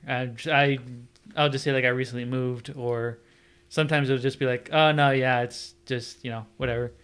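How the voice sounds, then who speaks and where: A young man co-hosting a podcast, chatting casually and haltingly. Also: medium pitch, flat delivery, a bit bright, clear, resonant tone. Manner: hesitant, lots of fillers and restarts. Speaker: podcast co-host. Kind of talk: casual chat.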